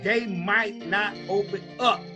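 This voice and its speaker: Emphatic guy w a slight louisiana accent, high bright voice, music faint behind. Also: slow pace. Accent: slight North Louisiana. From Los Angeles. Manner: animated, emphatic, slangy street talk. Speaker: host. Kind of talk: casual chat.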